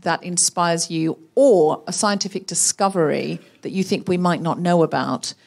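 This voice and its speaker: A woman's voice: on the low side, moderate pace, gravelly, darkish tone. A woman co-hosting a live panel, putting a question to a guest. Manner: brief interjections, asks questions. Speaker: podcast co-host. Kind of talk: live podcast panel talk.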